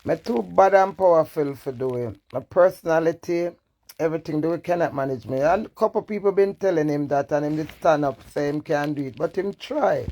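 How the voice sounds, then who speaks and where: A deep, mellow female voice speaks briskly in a live-stream rant. She is a social media personality with a Jamaican accent, blunt and profane, moving back and forth between defiance and emotion.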